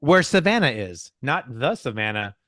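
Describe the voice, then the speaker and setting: A man co-hosting a casual podcast, reading race results in a playful, excitable way and tripping over names. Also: medium pitch, moderate pace, dry recording, studio quality. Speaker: podcast co-host.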